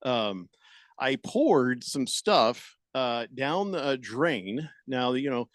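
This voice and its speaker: A middle-aged man tells a long, wandering story on a radio show, stumbling over restarts and fillers as he goes. His voice sits at an ordinary pitch. The studio sound is dry and close. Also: very animated, takes it slowly, no echo. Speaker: radio co-host. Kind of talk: casual radio banter.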